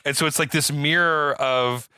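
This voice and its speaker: A man's voice: normal speed, clean tone, no room sound, studio quality. A man casually recapping a film scene by scene, acting out the characters' lines. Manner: animated retelling, acting out quotes with rising pitch. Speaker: podcast co-host. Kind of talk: casual movie recap chat.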